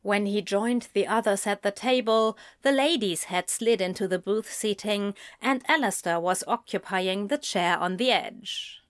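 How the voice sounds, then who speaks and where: A woman narrating a story in a slow, measured storytelling voice. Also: mid-range voice, dry recording, clean studio sound. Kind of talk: fan fiction audiobook reading.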